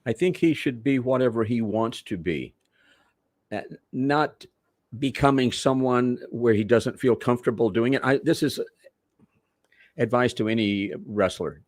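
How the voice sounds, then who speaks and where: A man from Manchester, England, telling rambling, animated stories as a wrestler guest in an interview. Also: mid-range voice, unhurried, no echo, clean studio sound. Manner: rambling, animated, self-correcting storyteller. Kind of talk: interview storytelling.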